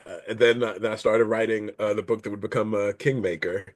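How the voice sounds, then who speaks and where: A middle-aged man with a fairly low voice, talking casually as an interview guest. He rambles and corrects himself mid-sentence, and chuckles through his anecdotes. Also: fairly even intonation, brisk. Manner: rambling, self-correcting, laughs while telling stories. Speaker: author guest.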